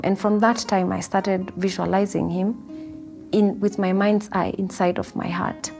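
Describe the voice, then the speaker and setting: A woman with a mid-range voice and vocal fry shares a personal spiritual testimony in an earnest, storytelling way, acting out the words she once said. Soft guitar music plays underneath.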